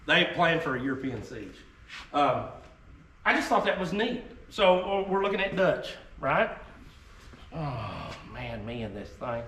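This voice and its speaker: As a reenactor, a man gives a group a folksy, emphatic, conversational history talk with drawling asides. His voice is on the high side, sing-song and a bit bright at a measured pace, recorded far off in an echoey room with a little hiss or hum.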